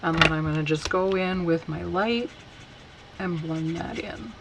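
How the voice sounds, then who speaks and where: A woman teaching a casual stamping tutorial, chatty and unhurried as she talks while working. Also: on the low side, heavy background noise. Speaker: card-making instructor.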